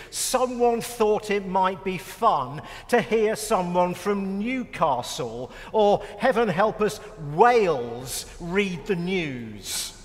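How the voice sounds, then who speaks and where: A man's voice: high-pitched, fairly bright tone, big-room sound. A middle-aged British man preaching a sermon with wry, self-mocking humor. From United Kingdom.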